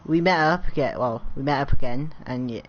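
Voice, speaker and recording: A man's voice: mid-range voice, fairly quick, a bit bright. A man hosting a casual gaming chat, joking and laughing through banter with a friend. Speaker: YouTuber host. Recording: muffled with faint hiss.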